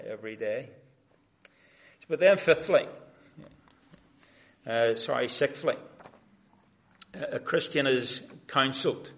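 Male preacher, mid-pitched, earnest expository sermon, swells on scripture and hushes in reflection, some "uh" fillers. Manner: earnest, rising to emphatic on scripture, dropping soft and hushed in reflection; frequent filler "uh" and restarts.

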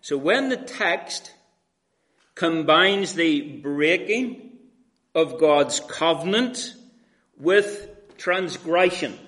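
A man delivers an expository sermon in a slightly high voice. He speaks very slowly and deliberately. He pauses often, uses fillers, and addresses his listeners as friends. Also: expressive, fairly bright tone. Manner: slow, measured, with frequent pauses and fillers. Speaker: preacher.

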